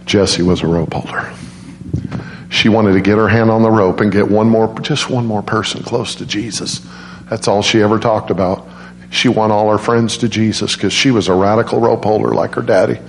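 A middle-aged man preaching an evangelistic sermon, telling an emotional story with passion and climbing high at its peaks. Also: steady tone, normal speed, a little hiss or hum. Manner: impassioned storytelling, rising high when acting out emotional quotes.

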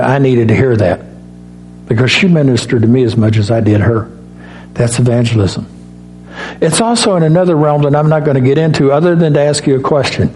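A middle-aged man preaching a sermon in a folksy, storytelling way, acting out dialogue and rising in pitch on key points. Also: darkish tone. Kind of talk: sermon with personal stories.

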